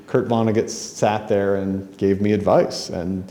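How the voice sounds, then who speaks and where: Middle-aged male author, low mellow voice, conversational storyteller at a podium. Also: fairly even intonation, measured pace. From Spokane, Washington, USA. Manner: self-deprecating, conversational, frequent ums and restarts. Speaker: author giving a talk. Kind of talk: anecdotal storytelling speech. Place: hotel conference room.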